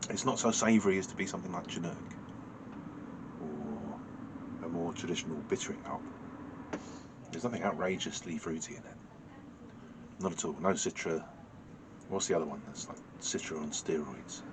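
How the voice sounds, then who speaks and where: A man with a very low voice talks through a beer review, dry and understated, stopping often to hum and search for words. A steady hiss of noise sits clearly behind him. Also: normal speed, pauses often. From United Kingdom. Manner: dry, understated, musing with many fillers and self-corrections. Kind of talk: casual beer review vlog.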